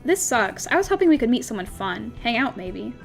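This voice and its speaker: A woman's voice: on the high side, very animated, a little fast, creaky, soft background music. A woman reading the lines of a friendly, earnest young boy in a dating game. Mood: glum.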